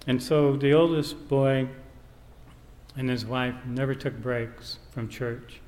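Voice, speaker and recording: A man's voice: medium pitch, steady tone, takes it slowly, darkish tone. Man preaching in a reverberant hall. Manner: earnest storytelling, quoting family and scripture. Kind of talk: sermon. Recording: reverberant hall, faint background noise.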